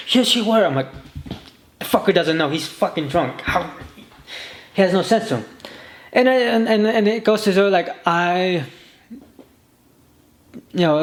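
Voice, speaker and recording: A man's voice: fairly high pitch, echoey room, low-quality recording. A man rambling through a personal story in a monologue. He often restarts and quotes himself and others. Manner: rambling, full of restarts and quoted inner speech. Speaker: podcast host.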